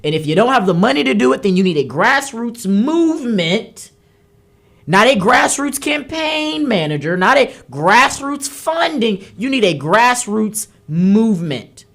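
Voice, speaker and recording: A woman hosts a political talk show, fired up and scolding. Her voice is slightly husky. Her pitch leaps and dips widely as she makes her points. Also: big pitch swings, unhurried. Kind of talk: heated political commentary. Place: studio.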